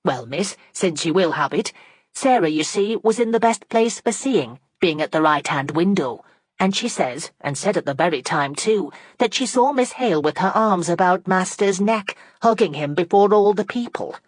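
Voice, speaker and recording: A woman's voice: lowish voice, animated, normal speed, dry recording, pitched above the performer's own voice. A woman reading an audiobook, voicing a pert young maidservant who drops coy, knowing hints. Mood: gossipy. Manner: coy, insinuating. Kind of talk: audiobook character voice.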